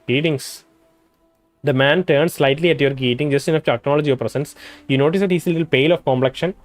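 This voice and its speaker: A man's voice: fairly high pitch, darkish tone, dry recording. Laughing man reading game text aloud. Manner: reads text aloud in a quick, breezy way, laughs a lot. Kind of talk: let's play commentary, reading text aloud.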